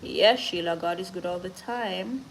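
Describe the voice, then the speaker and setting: A woman's voice: fairly low pitch, measured pace, gravelly, slight background noise, rough recording. A woman with a Jamaican accent, hosting a casual live stream and reading viewer comments. She talks in an earnest, motivational way, moves between patois and standard English, and is short of breath.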